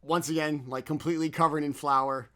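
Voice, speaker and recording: A man's voice: fairly high pitch, fairly even intonation, brisk, pushed and bright. A man narrating as game master in a tabletop game, in a loose, rambling manner full of fillers.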